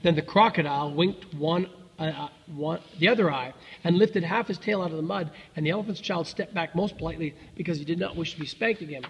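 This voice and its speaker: A man reading a children's story aloud in a relaxed way, with fillers and self-corrections. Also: a little high, brisk, vocal fry, in a large hall, dull audio, slight background noise.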